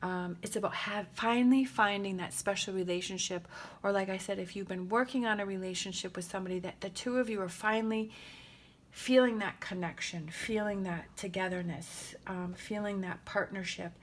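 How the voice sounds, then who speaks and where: A woman giving a casual tarot reading in a gentle, rambling and emotional way, with many pauses and fillers. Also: medium pitch. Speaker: tarot reader.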